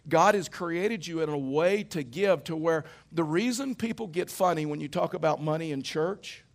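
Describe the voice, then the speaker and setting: A man's voice: a little high, normal speed, gravelly. A middle-aged man preaching a sermon in a church, telling stories in a conversational way and tossing rhetorical questions to the congregation. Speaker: pastor.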